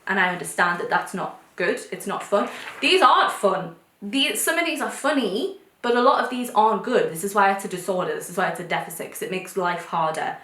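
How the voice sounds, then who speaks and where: Young woman, posh english accent, chatty vlog, talks in fast bursts, echoey room. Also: medium pitch, lively intonation, fairly bright tone. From North East England. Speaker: vlogger. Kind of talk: casual talk to camera.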